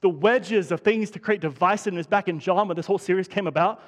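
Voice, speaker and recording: A high-pitched man who talks fast is preaching as pastor in a church sanctuary. Fervent and building to urgent emphasis, he keeps stumbling and restarting his words, all carried on long church hall reverb.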